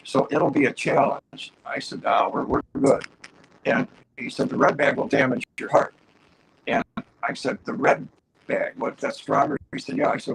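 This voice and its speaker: A man's voice: mid-range voice, normal speed, gravelly, slight background noise, poor audio. A man guest on a talk show, telling a long personal story in an upbeat, rambling way, full of fillers and restarts.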